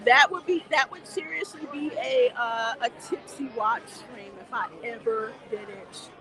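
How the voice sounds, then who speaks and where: With music in the background and crowd chatter outside, this theme park livestream host speaks at a fairly high pitch and a measured pace. She's chatty and laughing as she moves through the queue, responding to comments from viewers.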